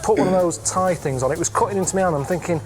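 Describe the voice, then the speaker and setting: A man, telling stories in a deadpan, rambling, plainspoken way in a TV interview. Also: sits high, rapid-fire, over music. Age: 30s.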